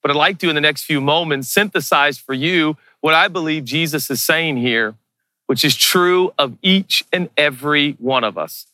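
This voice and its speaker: A man's voice: fairly high pitch, normal speed, sharp tone, no room sound, studio quality. A male pastor preaching a sermon, emphatic, repeating rhetorical questions.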